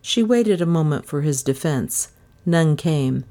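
A woman narrating a story in a steady audiobook reading. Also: low-pitched, measured pace.

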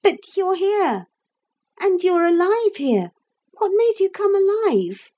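A woman doing a high, anxious young boy. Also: sing-song, takes it slowly, dark tone, heavily acted. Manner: pleading, upset questions.

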